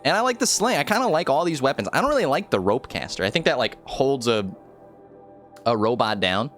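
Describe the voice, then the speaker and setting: A young man streaming a video game talks in a casual, jokey way, and his voice swoops widely as he reacts. He shouts out big exclamations at the action. Soft game music runs underneath. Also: medium pitch, lively intonation, brisk. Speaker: livestreamer playing a game. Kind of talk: casual gameplay commentary.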